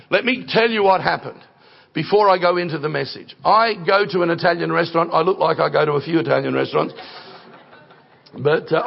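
Gravelly preacher, lo-fi recording. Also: male voice, on the high side. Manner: conversational, rising to emphatic preaching. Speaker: guest preacher. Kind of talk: sermon with storytelling.

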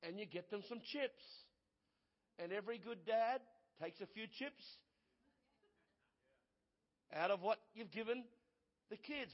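Male pastor preaching, high voice, emphatic repetition, muffled sound in a long-reverb hall. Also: a little slow, long pauses. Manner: emphatic, repeats phrases for effect. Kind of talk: sermon.

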